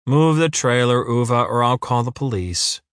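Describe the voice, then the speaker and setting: A male narrator playing a smug council official who talks down to others in a calm, condescending way. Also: mid-range voice, normal speed, clear, resonant tone, no room sound, studio quality, lightly acted. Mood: cold commanding.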